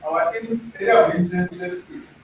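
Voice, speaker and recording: A man with a high-sitting voice teaches a language lesson at a moderate pace, repeating himself and often checking that the class is keeping up. The classroom sounds echoey, with a distant mic and faint noise.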